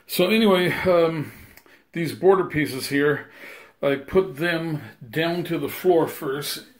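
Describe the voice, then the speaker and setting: A man's voice: on the high side, takes it slowly. A man giving a casual step-by-step how-to walkthrough of his tiling work in a bathroom under renovation, with frequent "uh" and "um". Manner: plain step-by-step explaining, frequent "uh" and "um". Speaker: tile installer.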